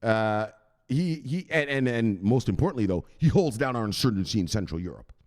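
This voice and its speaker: Profane, animated man hosting a crypto vlog. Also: on the low side, fairly quick. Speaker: crypto channel host. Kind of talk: casual profane vlog chat. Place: home at night.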